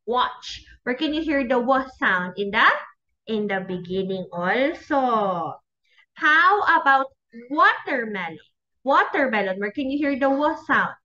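A woman preschool teacher with a Filipino English accent, slowly sounding out letters and words in a phonics lesson for small children. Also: a little high, sharp tone, lo-fi sound. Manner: sing-song, drawn-out, sounds out letters.

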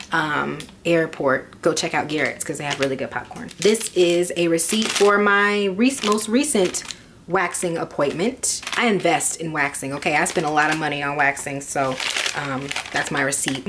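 A woman's voice: low voice, noisy background. A young woman vlogging casually, rambling and chatty with lots of fillers as she goes through things. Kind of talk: casual chat.

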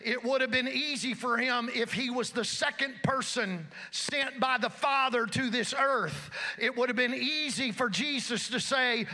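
A male pastor preaching a church sermon, emphatic and rising to shouts. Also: very high voice, a little slow, few pauses. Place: church service.

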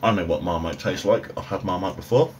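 A man with a low, slightly fast, somewhat mellow voice reviews food casually at home for a vlog, in a dry, offhand, self-deprecating manner. He's recorded on an overhead phone camera, with faint room noise in the phone audio.

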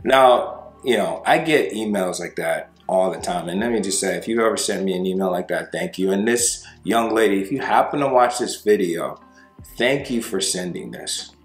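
A man's voice: deep voice, expressive, normal speed. A man, a breakup coach, talking casually to viewers and acting out little dialogues, often tagging his lines with "right?" and "you know". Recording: roomy sound with faint music.

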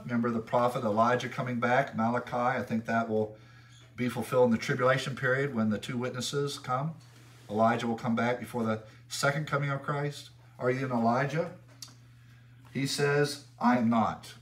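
A man preaching an expository sermon as pastor, emphatic, rising in pitch and volume when he reads scripture aloud. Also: normal speed, a bit bright, far from the mic. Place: church sanctuary.

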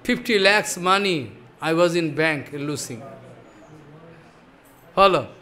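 A man's voice: a little high, lively intonation, takes it slowly, bright, forceful tone. A man giving a devotional sermon, emphatic and questioning, often checking with "follow?". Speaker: spiritual teacher.

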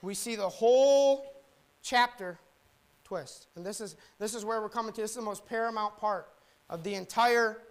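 A young man preaching a sermon in a conversational, animated way, mixing slang with scripture. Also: sits high, normal speed.

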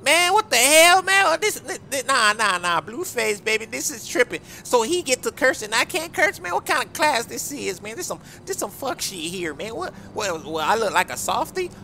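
A man's voice: very high-pitched, big pitch swings, normal speed, gravelly, hardly any pauses, bright, forceful tone, a little hiss or hum, full character voice. A man voicing a brash, cocky young male rapper in a game role-play, swearing in street slang. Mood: angry ranting.

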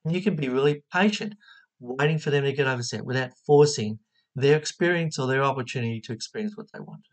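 A spiritual teacher giving a motivational talk, expressive and asking the listener questions. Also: mid-range voice, fast talker.

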